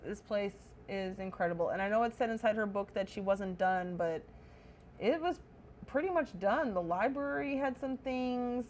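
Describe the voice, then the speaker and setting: A woman's voice: medium pitch, a little hiss or hum. A woman streaming casual commentary while touring a player-built game house, chatty and full of wonder, correcting herself as she goes.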